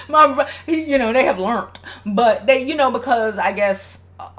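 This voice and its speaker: A woman's voice: a little high, expressive, a little slow, a bit bright. A woman hosting a casual advice livestream, speaking bluntly with a lot of swearing and reading viewer comments aloud. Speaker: relationship advice host.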